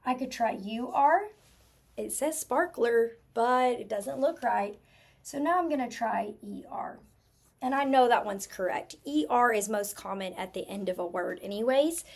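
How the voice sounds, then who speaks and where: A woman teaching a spelling lesson, who talks slowly and stretches out each sound while checking in with the class. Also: a little high, vocal fry.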